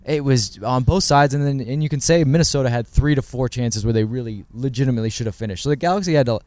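A man co-hosts a casual sports podcast, talking fast and breaking down plays with earnest detail. His voice sits at a middle pitch, and the sound is dry and close. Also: darkish tone, dry recording. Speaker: podcast co-host, works in club's digital department.

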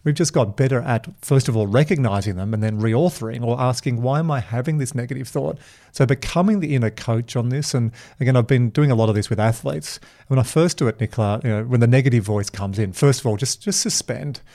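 A man hosting a podcast, sounding keen as he tells stories in an easy, conversational way. His voice sits at an ordinary middle pitch for a man. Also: a little fast, few pauses, warm tone. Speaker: podcast host.

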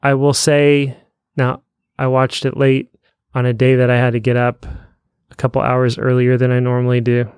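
Male podcast co-host, mid pitch, smooth and clear, dry recording, relaxed and hesitant delivery. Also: normal speed, no echo. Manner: easygoing, hesitant, rambling. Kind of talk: casual film discussion.

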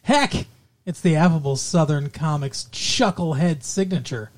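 A man's voice: on the high side, measured pace. A male podcast co-host chatting casually about the news, rambling with many fillers and restarts, and cracking sardonic jokes.

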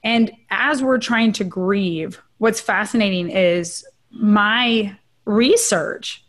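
A middle-aged woman, a trauma researcher, candidly telling her personal story as a guest in an interview and often checking in with a quick "right?". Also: mid-range voice, a bit bright.

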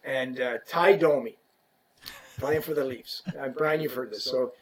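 A middle-aged man telling a lively, profane workplace story in a casual chat, acting out the people he quotes. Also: medium pitch, unhurried, a little hiss or hum. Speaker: guest telling stories from work as a stick rep.

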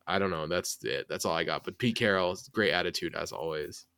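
A man hosting a sports podcast, talking casually and running the show; he is lively, trails off and laughs often. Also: deep voice, a little fast, vocal fry, smooth, no room sound. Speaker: podcast host.

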